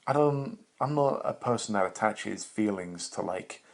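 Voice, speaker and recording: Young man, lowish voice, solo podcast host, meandering profane rant, self-mocking. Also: animated, a little slow, vocal fry. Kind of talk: rambling solo monologue.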